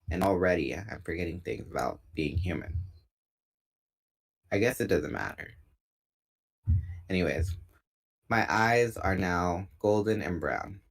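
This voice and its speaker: A man reading a novel aloud in a relaxed, unpolished way, pausing now and then to correct a slip. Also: deep voice. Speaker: book reader.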